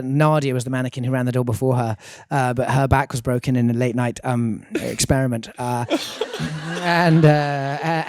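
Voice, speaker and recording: An Englishman with an English accent chats as a studio interview guest, telling stories with dry, self-deprecating humor. His voice sits a little higher than most men's. The recording is dry and close, with no room echo. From England. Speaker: guest singer-songwriter. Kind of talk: casual interview chat.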